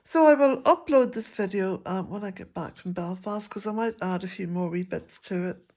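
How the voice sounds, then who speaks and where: An older woman, chatting to camera in a gentle, rambling way and chuckling often. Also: medium pitch, moderate pace. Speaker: vlogger. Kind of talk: casual chat to camera.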